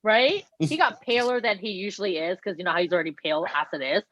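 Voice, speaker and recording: A woman co-hosting a casual podcast, retelling a show with animated energy, swearing freely and acting out what people said. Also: mid-range voice, fast, no echo. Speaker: podcast co-host. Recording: dull lo-fi recording.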